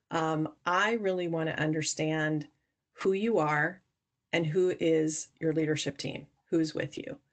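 Low-voiced woman investor explaining. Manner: earnest, explanatory, with frequent restarts. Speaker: angel investor guest. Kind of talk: podcast interview answers.

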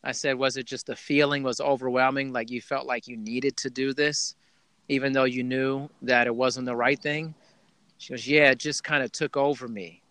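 A man hosting a podcast, telling a heartfelt parenting story in a warm, rambling conversational way with restarts. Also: mid-range voice, level tone, normal speed, dry recording. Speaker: podcast host. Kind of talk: casual conversational interview.

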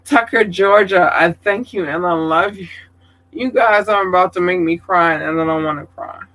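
A man giving casual livestream shout-outs to viewers, effusive and affectionate, calling them babies and swearing casually. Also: high voice, moderate pace, rough recording.

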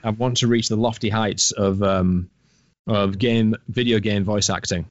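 A man's voice: lowish voice, steady tone, unhurried, no echo. A man co-hosting a podcast, chatting casually in a teasing, joking, sweary way. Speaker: podcast co-host. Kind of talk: casual chat. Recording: dull dry lo-fi audio.

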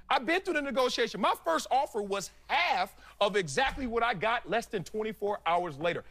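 A man's voice: high-pitched, brisk, hardly any pauses. A man who is a former football player, analyzing on a sports talk show and telling stories from his own career. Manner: storytelling, animated, laughing asides.

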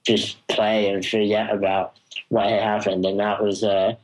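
Slow-spoken young man telling a story. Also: lowish voice, little pitch movement, rough recording. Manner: slow, thoughtful, with frequent ums. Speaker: interview guest. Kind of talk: conversational storytelling.

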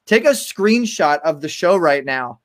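Upbeat man guest with a fairly high voice. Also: lively intonation, unhurried. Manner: upbeat, repeats words, coaching tone. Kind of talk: live online show chat.

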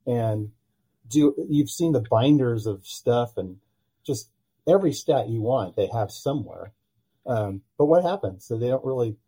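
A man guests on a casual podcast, his voice dark and mellow with a husky edge. He tells stories with animation and slips into the voices of the people he quotes. His pitch sits in the middle range for a man. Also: poor audio. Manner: animated storyteller who acts out quoted dialogue. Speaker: podcast guest, pitching analytics company founder.

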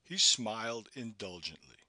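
A man narrating an audiobook in an expressive, scripted reading style. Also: on the low side, unhurried, no room sound.

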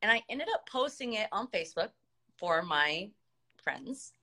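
A woman in her thirties from the United States, telling a story in a chatty, animated way, laughing often as a podcast guest. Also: mid-range voice, a little slow. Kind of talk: casual storytelling.

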